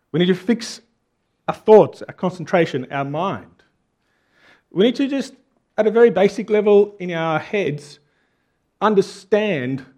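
A man preaching a conversational sermon, earnest and full of rhetorical questions. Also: a little high. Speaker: pastor.

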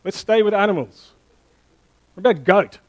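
Middle-aged male pastor, high voice, lively sermon delivery with quick questions to the congregation. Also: low-quality recording. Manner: animated, playful with the congregation, asking questions.

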